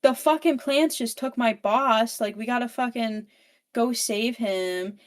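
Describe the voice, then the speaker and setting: A woman's voice: on the high side, unhurried, voice pushed up, lightly acted. A woman voicing a frantic, blunt young heroine in a book recap. The heroine swears and sounds exasperated. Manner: exasperated, profane.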